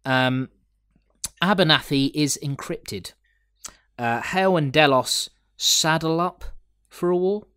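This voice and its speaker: A man's voice: fairly high pitch, a little slow, pushed and bright, clear, resonant tone, no room sound, studio quality. A man hosting a podcast, chatting casually and joking with lots of fillers while reviewing an episode. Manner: lots of fillers, jokey, swears. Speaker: podcast host.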